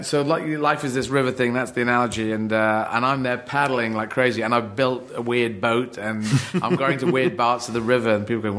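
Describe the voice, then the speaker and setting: Man, comedian in casual chat, rambling, lots of restarts, animated, mid-pitched voice. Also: fairly quick, few pauses. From Yemen. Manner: acts out other people in raised voices.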